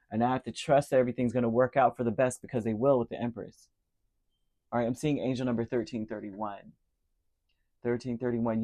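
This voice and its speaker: A man's voice: mid-range voice, a little mellow, no echo. A man giving a casual, chatty tarot reading to his viewers, who laughs easily and drifts into asides. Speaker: tarot reader.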